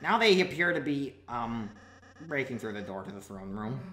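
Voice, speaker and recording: A mischievous little boy monster prince from a game fan dub, voiced by a woman, goofy and playful. The voice is low-set but leaps around. The room is echoey. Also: very animated, normal speed, fairly bright tone, full character voice.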